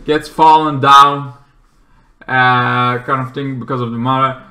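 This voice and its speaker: A man reviewing a movie in a rambling, casual way, restarting often and breaking into loud acted-out shouts. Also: medium pitch, level tone, a little slow.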